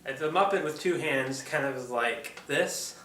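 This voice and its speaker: At normal speed and with a slightly bright, mid-range voice, an Oregon channel host rambles hesitantly through puppetry tips, leaning on ums. Echo fills the room, the mic is set back, and there is a faint background hum.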